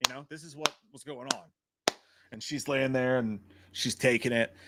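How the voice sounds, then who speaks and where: A man's voice: medium pitch, moderate pace, background noise. A man hosting a casual livestream, talking in a loose, profane way and answering chat comments. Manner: profane, animated storytelling. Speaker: host.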